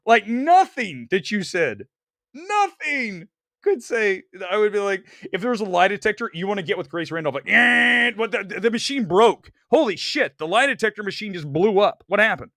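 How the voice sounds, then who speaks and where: Excitable man ranting on a stream. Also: sits high, normal speed, no room sound, studio quality. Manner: loud, excitable, jokey rants. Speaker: host. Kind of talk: casual live-stream chat. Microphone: desk mic.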